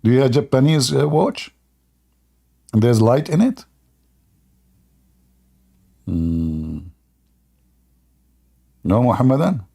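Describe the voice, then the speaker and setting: Husky, mellow-voiced man telling a story. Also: mid-range voice, slow pace, long pauses. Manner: animated, laughs often, acts out quotes. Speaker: livestream host. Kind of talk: casual storytelling on a livestream.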